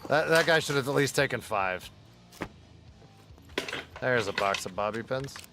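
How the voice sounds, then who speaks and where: A man's voice: medium pitch, lively intonation, a little slow, over music. A young man streaming a survival game, chatting loosely with his viewers, swearing freely and laughing at his own jokes. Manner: loose, profane, jokey, often laughing. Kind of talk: casual live-stream gaming chat.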